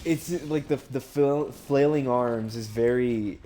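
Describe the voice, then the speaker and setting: A man's voice: medium pitch, slow, mellow, a little hiss or hum. A young man gushing and swearing through casual commentary while streaming a video game, laughing often. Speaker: gaming streamer. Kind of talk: casual let's-play commentary.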